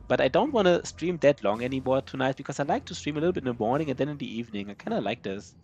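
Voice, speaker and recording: A man's voice: medium pitch, lively intonation, very fast, few pauses, a little mellow, lo-fi sound, soft background music. A man streaming a strategy game live, answering his chat in a loose, rambling way with many fillers and restarts. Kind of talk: casual live-stream chat while gaming.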